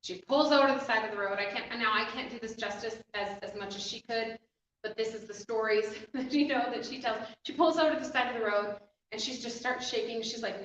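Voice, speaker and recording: A woman telling a personal faith story in an animated, emotional way, often breaking into laughter. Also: on the high side, fairly quick, slight background noise. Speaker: inspirational speaker. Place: echoey room. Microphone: distant mic. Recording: echoey room, distant mic, dull sound.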